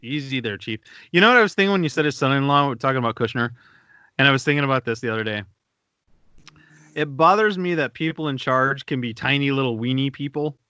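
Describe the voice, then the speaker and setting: A man's voice: mid-range voice, quick pace, bright, forceful tone, no room sound, highs cut off. A man co-hosting a podcast, rambling and swearing through casual banter. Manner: rambling, profane, laughs at his own stories. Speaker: podcast co-host.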